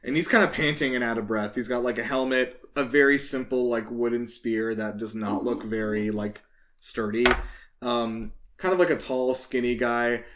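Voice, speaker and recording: A man's voice: mid-range voice, normal speed, a bit bright. A man running a tabletop game as game master, narrating casually with lots of fillers.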